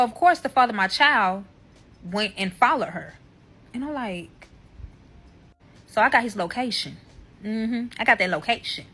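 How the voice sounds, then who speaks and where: A woman telling a personal story in casual story-time style, animated and full of profanity. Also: fairly high pitch.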